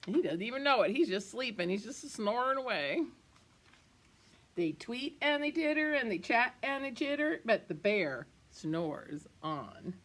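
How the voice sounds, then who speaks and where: A woman teacher reading a picture book aloud to her class, expressive and playful, with asides to the children. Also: high voice, moderate pace.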